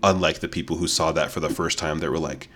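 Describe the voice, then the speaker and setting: Deep-voiced, chatty laughing man. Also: steady tone, fast, a bit bright. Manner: chatty, laughs often, rambling with fillers. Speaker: podcast co-host. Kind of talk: casual podcast chat.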